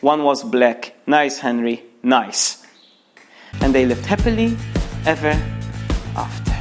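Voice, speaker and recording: A man's voice: mid-range voice, big pitch swings, takes it slowly, music in the background. A young man reading a crude comic story aloud, breaking off for mocking asides to the listener. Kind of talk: mock bedtime story reading.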